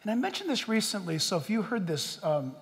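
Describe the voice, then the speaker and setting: Man preaching, high voice, lively swings, big church reverb, jokey, animated. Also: a little fast. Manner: animated, jokey, mimics people in quotes. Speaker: pastor. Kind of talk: sermon. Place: large church sanctuary.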